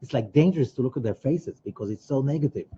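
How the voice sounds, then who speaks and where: A man teaching a Kabbalah study class in an animated way, acting out quoted voices. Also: fast talker, husky, lo-fi sound. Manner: animated, rising to emphatic high bursts; acts out quoted voices of other people. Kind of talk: religious study lecture.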